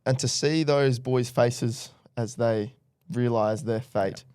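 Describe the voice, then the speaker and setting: A man's voice: mid-range voice, steady tone, slow pace, darkish tone, clear, resonant tone, no room sound, clean studio sound. A young Australian man co-hosting a podcast, chatting in a playful, mock-dramatic way. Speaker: podcast co-host. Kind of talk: casual chat.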